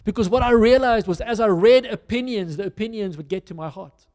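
A man with a South African accent delivers a conversational, storytelling sermon with self-deprecating asides. His voice is high, a bit quick and slightly mellow. The recording has the reverb of a large hall.

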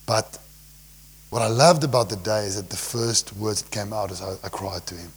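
Preaching with a South African accent, this young pastor alternates between booming scriptural cries and hushed, low-voiced remarks. He speaks at normal speed with a husky voice.

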